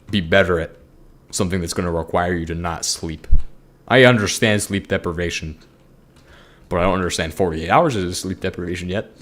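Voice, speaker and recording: Rambling young guy with a low voice. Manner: rambling, bursts into high-pitched angry yelling. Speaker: gaming streamer. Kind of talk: casual gameplay chat.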